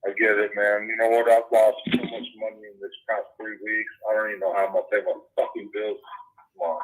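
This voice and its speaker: Guy on a muffled phone line, kinda low and husky, preachy then cussing, lots of restarts. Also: flat delivery, fast talker. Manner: preachy and profane, rambling with restarts. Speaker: caller. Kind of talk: heated phone conversation.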